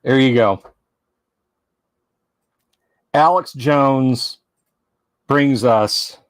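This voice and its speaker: A man hosting a casual livestream from a home studio, rambling and teasing his chat, halting with fillers. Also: medium pitch, animated, dry recording. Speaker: livestream host.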